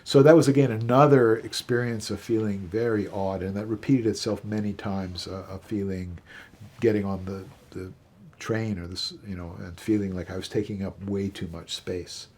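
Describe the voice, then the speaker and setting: A man from Canada, a psychiatry professor, telling stories from his past in an interview, halting with many fillers and restarts. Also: lowish voice, fairly even intonation, darkish tone, a little hiss or hum. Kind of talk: reflective interview storytelling.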